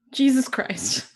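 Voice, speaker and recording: A woman playing in a tabletop game, lively and quick to laugh, often checking the rules with questions. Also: high-pitched. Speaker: player. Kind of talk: casual tabletop game chat.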